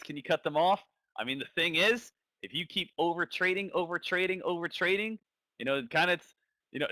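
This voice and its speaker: A man's voice: a little high, pushed and bright, no echo. A man giving casual live commentary on a stock trading stream, thinking aloud and repeating phrases.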